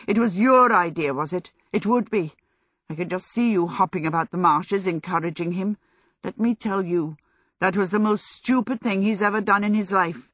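A woman's voice: mid-range voice, normal speed, fairly bright tone, no echo, studio quality, natural voice. Woman voicing a theatrical young wizard. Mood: exasperated.

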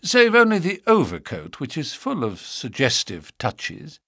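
A man voicing a brilliant gentleman detective who explains things gravely and precisely. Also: on the high side, huge pitch swings, a little slow, dry recording, studio quality, heavily acted.

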